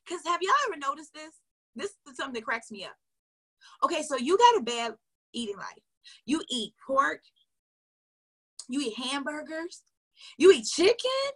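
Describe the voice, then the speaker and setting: Bright, high-voiced woman coaching emphatically. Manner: emphatic, chatty, addresses viewers directly, laughs often. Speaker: sales coach. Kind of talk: casual motivational coaching talk. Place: recorded for an online video.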